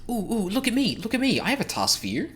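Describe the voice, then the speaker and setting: A man voicing an eager, bossy little female pixie while reading game text aloud, in a squeaky put-on voice. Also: huge pitch swings, fast talker, a bit bright, full character voice.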